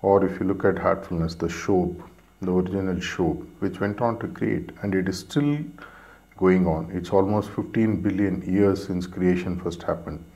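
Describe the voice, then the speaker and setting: A meditation teacher talks in a reflective, storytelling way. His voice is very low, and his delivery is hesitant and peppered with fillers. He relates the story at an easy, unforced pace. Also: steady tone, normal speed, dark tone.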